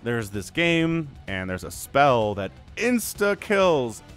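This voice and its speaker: A man's voice: medium pitch, big pitch swings, slow pace, a bit bright, soft background music. A man casting a strategy video game on his own, chatty and full of joking asides. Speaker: game shoutcaster. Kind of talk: casual solo game commentary.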